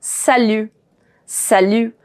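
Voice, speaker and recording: A woman teaching a pronunciation lesson, breaking words into syllables and repeating each one slowly. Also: a little high, steady tone, darkish tone, clean tone. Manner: slow, syllable-by-syllable with repeated drilling. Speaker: language teacher.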